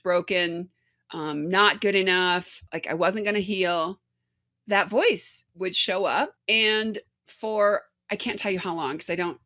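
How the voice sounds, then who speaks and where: Bright-voiced woman telling her story. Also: mid-range voice. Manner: candid storytelling, acts out voices. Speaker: guest. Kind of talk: podcast interview.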